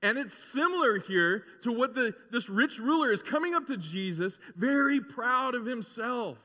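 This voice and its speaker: High-voiced pastor preaching in a reverberant hall. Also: male voice, expressive, moderate pace, bright, forceful tone. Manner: conversational preaching with playful acted-out voices. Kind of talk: sermon.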